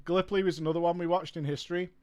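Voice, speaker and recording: A man's voice: high voice, steady tone, very fast, darkish tone, highs cut off. Brief: guy chatting on stream, loose and sweary, trailing off mid-thought. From United Kingdom. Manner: rambling, swears freely, trails off searching for words. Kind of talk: casual chat while gaming.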